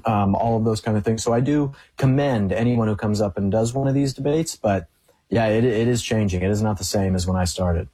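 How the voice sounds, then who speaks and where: A young man speaking quickly as a guest in a casual interview. His voice is low, dark and husky, and he slips into lively quoted voices when telling stories. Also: rough recording. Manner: storytelling, animated when quoting others.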